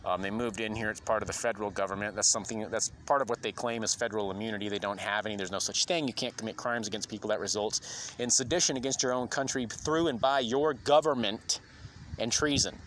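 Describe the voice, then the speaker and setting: A man's voice: fairly low pitch, fairly even intonation, quick pace, fairly bright tone, slight background noise. A man delivering an indignant, rambling monologue to camera about constitutional rights, full of ums and uhs. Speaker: video commentator.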